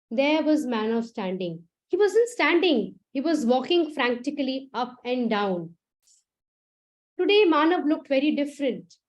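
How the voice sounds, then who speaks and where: A woman telling a story aloud for adults, her voice high and clear. She builds scenes with emphatic repetition and measured, dramatic pacing. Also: a little mellow. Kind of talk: live storytelling narration.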